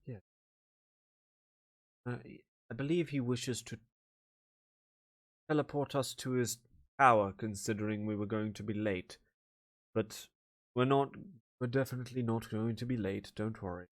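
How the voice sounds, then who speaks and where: A man voicing a calm male wood elf druid in a low-key, reassuring way. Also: a little slow, pauses often, lightly acted.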